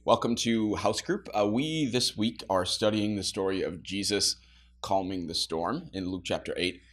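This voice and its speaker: A man's voice: fairly low pitch, normal speed, fairly bright tone. A man pastor leading a casual Bible study, talking conversationally with laughing asides.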